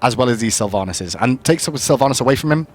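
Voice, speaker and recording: A man's voice: mid-range voice, expressive, quick pace. A British man giving casual, detailed color commentary on an esports match. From United Kingdom. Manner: explains game mechanics in detail, chatty.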